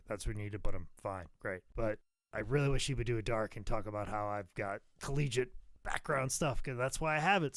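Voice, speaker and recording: A man co-hosting a wrestling podcast, telling animated, profane stories that swing loud. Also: medium pitch, dry recording. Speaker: podcast co-host, pro wrestling worker. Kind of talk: casual podcast chat.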